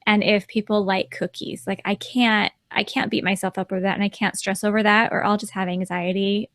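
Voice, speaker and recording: A woman's voice: medium pitch, little pitch movement, fairly quick, a bit bright, no echo. A woman in her forties co-hosting a talk show, speaking in a reflective, easygoing way with light laughs. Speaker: podcast co-host. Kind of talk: casual advice talk.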